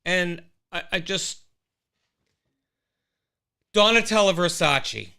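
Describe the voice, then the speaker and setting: A man's voice: sits high, slow, gravelly, clean tone. A man hosting a casual livestream show, talking animatedly and greeting viewers from the chat. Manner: animated, exclaiming, with frequent restarts.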